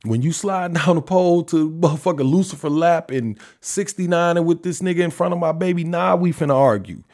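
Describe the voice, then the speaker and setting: A man's voice: a little high, a little fast, a little mellow. Blunt, profane man ranting on a podcast. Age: adult father. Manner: conversational, rhetorical questions. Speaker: podcast host. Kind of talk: solo opinion monologue.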